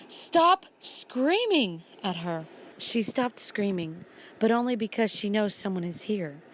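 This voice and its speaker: Young female makeup vlogger, mid-pitched, blunt casual delivery, reads creepy stories. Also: a little hiss or hum. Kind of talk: telling spooky stories while doing makeup.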